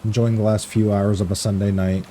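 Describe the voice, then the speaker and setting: A man's voice: lowish voice, little pitch movement, fairly quick, mellow, slight background noise. A man streaming a farming game, chatting casually, reading chat aloud, swearing freely and laughing easily.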